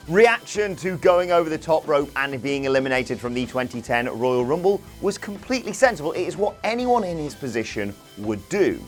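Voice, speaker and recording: Man, sardonic scripted narrator, slightly high voice, animated delivery; light music behind. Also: brisk, few pauses. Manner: sardonic, jokey asides.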